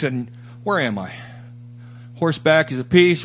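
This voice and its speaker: A man's voice: a little high, very animated, measured pace, pauses often, a bit bright, slightly rough. A man preaching a sermon to a small church congregation, fervent and repetitive, building up his phrases for emphasis. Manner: fervent, rising and repeating for emphasis.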